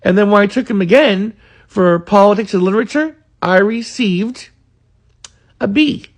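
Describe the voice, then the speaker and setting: A man's voice: sits high, normal speed. A man, earnestly recalling college days in a rambling monologue full of fillers. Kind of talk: casual reminiscing monologue.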